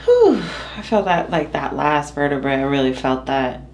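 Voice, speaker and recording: A woman's voice: a bass voice, normal speed, gravelly. A pregnant woman, emotional and tearful, reacting with breathless exclamations and laughter as a patient. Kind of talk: casual reactions during treatment. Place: chiropractic clinic room. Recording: echoey room, faint background noise.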